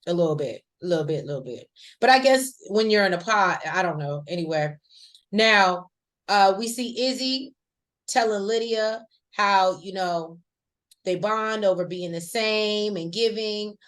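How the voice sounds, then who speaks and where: A woman's voice: medium pitch, unhurried. Chatty woman recapping a reality show. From rural American South. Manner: chatty, animated, slangy asides. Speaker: podcast co-host. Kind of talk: casual recap chat.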